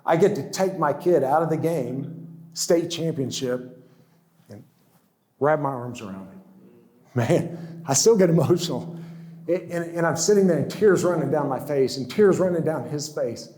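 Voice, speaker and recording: A man's voice: a little high, a little slow, warm tone. A man in his sixties giving a personal testimony talk, stammering into restarts and chuckling as he tells his story. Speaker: guest speaker. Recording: roomy echo.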